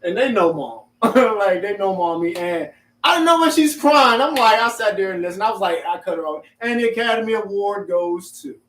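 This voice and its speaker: A man with a high, light voice leads a casual group conversation, laughing easily and pressing his points with emphasis. He sits back from the microphone, so the room rings around him. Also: normal speed, far from the mic. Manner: laughs often, animated and emphatic. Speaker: discussion host. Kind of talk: group discussion. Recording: roomy sound from off-mic.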